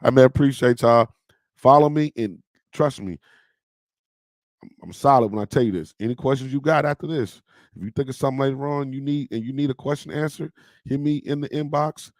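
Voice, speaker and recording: A man's voice: mid-range voice, a little fast, no room sound, studio quality. Chatty man talking to his livestream. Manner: loose and chatty, peppered with "man" and "y'all". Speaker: podcast host on a livestream. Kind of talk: casual livestream chat to viewers.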